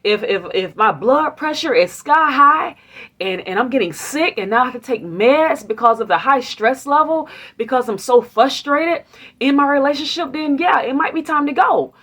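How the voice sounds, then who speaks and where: A woman's voice: high voice, lively intonation, moderate pace, fairly bright tone. A woman hosting a motivational faith talk, speaking in a preachy, conversational way, asking her listeners questions and acting out the complaints and affirmations she quotes. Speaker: host.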